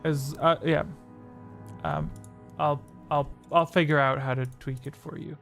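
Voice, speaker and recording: A slightly high-voiced man hosts a casual livestream quiz from home, speaking into a desk microphone. He rambles, restarts his sentences and reads viewers' answers aloud. Faint music plays underneath. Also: fairly even intonation, unhurried, vocal fry, fairly bright tone. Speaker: streamer hosting a quiz.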